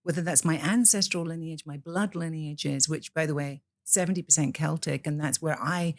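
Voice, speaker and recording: Woman, low pitch, dry sound, impassioned, podcast guest. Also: moderate pace, dry recording. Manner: impassioned, preacher-like. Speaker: guest, priestess. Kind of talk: podcast interview.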